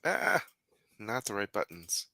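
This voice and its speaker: A livestream host speaks slowly and warmly to viewers, greeting them one by one. The voice has a bright, crisp edge, and the close microphone sounds dry, with no room echo. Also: medium pitch, sing-song. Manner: friendly, unhurried, reads out chat. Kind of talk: casual chat, greeting viewers.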